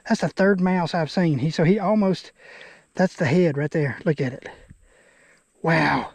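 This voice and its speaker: A man's voice: on the high side, unhurried, gravelly, no room sound. A man giving casual outdoor fishing commentary by a creek, folksy and talking to the fish. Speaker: fishing vlogger.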